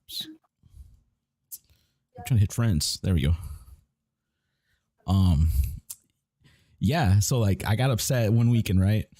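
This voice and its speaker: Guy with a low warm voice rambling and swearing while he games, dry sound. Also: animated, takes it slowly, pauses often, no echo. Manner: rambling, profane storytelling with restarts. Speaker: gamer chatting on stream. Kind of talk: casual chat while gaming.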